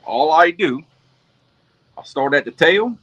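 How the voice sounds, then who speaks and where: Folksy Louisiana man with a bright voice. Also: on the high side, animated, takes it slowly. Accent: Louisiana Southern. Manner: folksy, talks viewers through each step. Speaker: fishing show host. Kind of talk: casual livestream demonstration.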